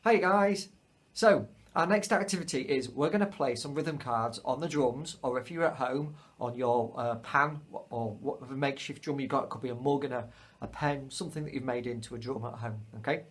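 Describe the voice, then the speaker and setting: A man's voice: medium pitch, normal speed. A man teaching a remote music lesson to children, patiently spelling out rhythms.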